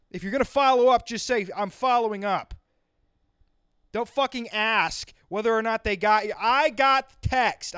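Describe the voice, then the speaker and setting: Male podcaster, fed-up profane rant, smooth resonant voice, dry close sound. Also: very high-pitched, a bit bright, no room sound. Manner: exasperated, profane ranting with sarcastic tangents. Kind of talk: solo comedic rant.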